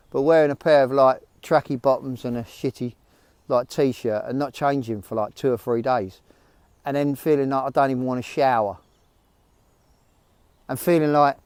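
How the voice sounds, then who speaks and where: A man's voice: mid-range voice, a little mellow, smooth, no echo. A man talking earnestly and bluntly to a handheld phone camera, giving a motivational vlog with frequent restarts and swearing. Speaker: vlogger.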